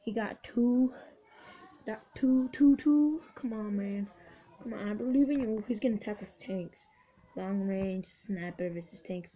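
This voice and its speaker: A woman giving excitable, swearing let's-play commentary, cheering on her units. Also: medium pitch, a little slow. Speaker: gamer. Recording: dull lo-fi recording with faint hiss.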